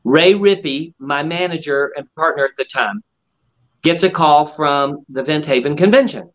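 A man's voice: fairly high pitch, normal speed, a bit bright, poor audio. A middle-aged man and ventriloquist guest, telling stories in a casual interview and acting out other people's lines with animation.

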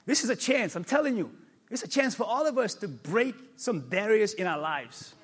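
A male pastor preaching a sermon, emphatic and repetitive, with sudden loud peaks. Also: high-pitched, animated, normal speed, husky.

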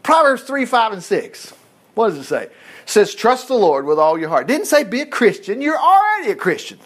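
Male preacher, conversational sermon, folksy and chatty, high voice with lively swings. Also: moderate pace. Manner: folksy, animated, self-interrupting, acting out scripture dialogue.

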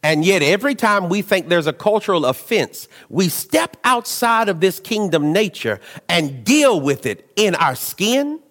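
A man preaching a sermon, telling stories in an animated way, dropping to low asides and rising to shouts. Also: a little slow, hardly any pauses, big-room sound.

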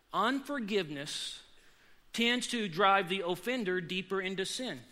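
A male pastor preaching a sermon in a church sanctuary, emphatic, repeating key words and climbing in pitch and force as he presses his points. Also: bright, forceful tone. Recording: long hall reverb.

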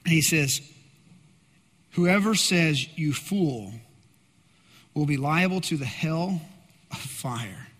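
A male pastor preaching a sermon, swinging between loud emphatic bursts and hushed asides. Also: fairly high pitch, animated, slow, long pauses, slightly rough, in a large hall.

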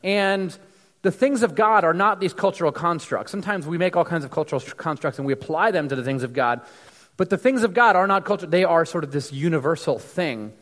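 A man's voice: on the high side, animated, a little fast, a bit bright, long reverb tail. A man from the United States giving a casual, conversational sermon with many fillers and restarts. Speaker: preacher.

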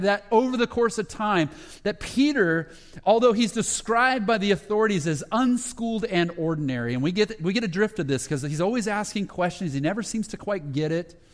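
A man preaching a sermon as pastor, telling the story conversationally with frequent restarts and dips into lower quoted voices. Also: in a large hall.

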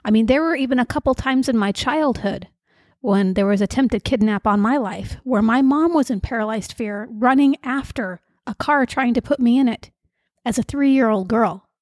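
A middle-aged woman host telling personal stories in an earnest, confiding way, with soft fillers between thoughts. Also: on the high side, moderate pace, no echo, studio quality. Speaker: podcast host and emotional coach. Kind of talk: personal storytelling monologue.

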